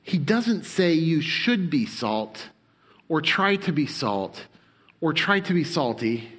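A male pastor preaching a sermon in an emphatic manner, slowing down to stress phrases and speeding up for quick asides. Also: a little high, sing-song, a bit bright. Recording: long hall reverb.

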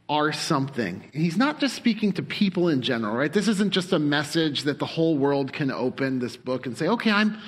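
A male pastor preaching a sermon in an emphatic manner, slowing down to stress phrases and speeding up for quick asides. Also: on the high side. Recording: long hall reverb.

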